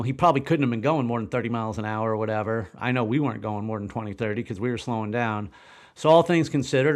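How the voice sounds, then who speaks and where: Candid man in his forties telling his story. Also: medium pitch. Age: 40s. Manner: rambling, swears when recounting shock. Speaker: podcast guest. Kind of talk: candid storytelling in a podcast interview.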